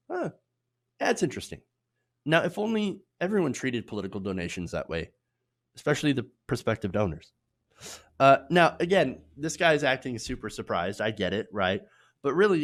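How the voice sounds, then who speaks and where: Guy ranting about politics, sarcastic, voice swings up and down a lot. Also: medium pitch. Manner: sarcastic, mocking put-on voices for quotes; loose, filler-heavy delivery with restarts. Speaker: political commentary host. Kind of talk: opinionated political commentary.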